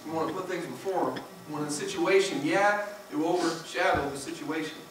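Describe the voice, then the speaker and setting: A man preaching a sermon, emphatic, swinging between loud peaks and hushed low passages. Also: a little fast. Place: church sanctuary. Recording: echoey church from far off, noisy.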